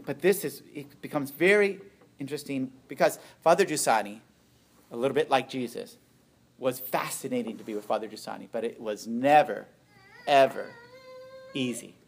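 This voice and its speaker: A middle-aged man, a priest, giving a storytelling witness talk, animated and playful as he acts out what others said. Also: normal speed, vocal fry, breathy edge. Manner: animated, acts out quoted voices with big pitch jumps.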